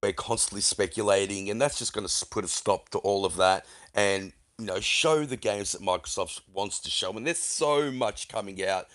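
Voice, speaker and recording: A man's voice: on the low side, a bit bright. A man in casual podcast chat, giving opinions and asking himself rhetorical questions.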